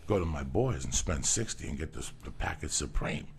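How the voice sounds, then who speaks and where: Gravelly deep-voiced man telling stories. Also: a little fast, slight background noise. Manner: profane, animated storytelling, acts out quotes. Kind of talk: casual storytelling chat.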